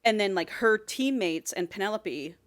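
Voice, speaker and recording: A woman's voice: medium pitch, moderate pace, dry recording, studio quality. A woman co-hosting a casual podcast, animatedly retelling a novel's plot and acting out the characters' lines. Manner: animated storytelling with quoted characters. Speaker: podcast co-host.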